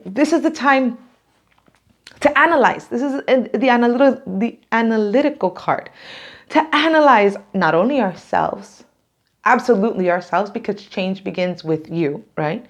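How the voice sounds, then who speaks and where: A woman's voice: on the high side, lively intonation, moderate pace. A woman doing a casual, emotional tarot reading to camera, rambling and laughing often, near tears. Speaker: tarot reader.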